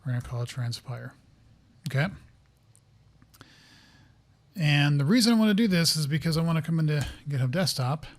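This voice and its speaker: A man talking casually to viewers as he sets up a software project, rambling, thinking aloud and getting flustered by interruptions. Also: a little high, lively intonation, moderate pace, long pauses. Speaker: software developer streaming a coding session. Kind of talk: casual live-coding commentary.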